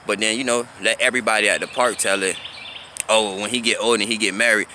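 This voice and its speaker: A man's voice: lowish voice, fairly even intonation, quick pace, pushed and bright, a little hiss or hum. A man in his thirties from South Florida, telling a casual story about his teenage years in a loose, conversational way and often asking "you feel me?". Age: 30s. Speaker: vlogger.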